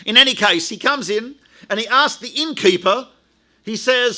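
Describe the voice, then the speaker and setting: A man's voice: extremely high pitch, normal speed, sharp tone. A male rabbi giving a lecture, telling anecdotes in a chatty way with frequent asides to the audience. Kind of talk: storytelling lecture.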